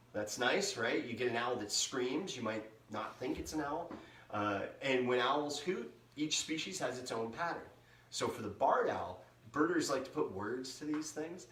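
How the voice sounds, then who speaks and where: A man's voice: medium pitch, fairly bright tone. A middle-aged man, a museum educator, giving a playful live talk for kids and imitating owl calls. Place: indoors, museum room. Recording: roomy sound, mic at a distance.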